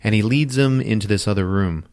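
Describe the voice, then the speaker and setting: A man hosting a podcast, recapping a film plot in a casual, profane, animated storytelling way on a close mic. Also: lowish voice, a little fast, no room sound. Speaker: podcast host.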